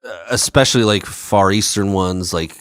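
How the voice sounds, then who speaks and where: Rambling low-voiced podcast co-host man. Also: moderate pace, fairly bright tone, clean tone, no room sound, clean studio sound. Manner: rambling, filler-heavy, laughs often. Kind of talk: casual chat.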